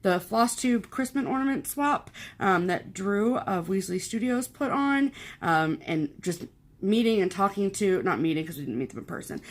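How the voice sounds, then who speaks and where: A woman's voice: medium pitch, lively intonation, moderate pace. A woman co-hosting a cross-stitch channel in casual chat, sentimental and talkative, running through long lists of things.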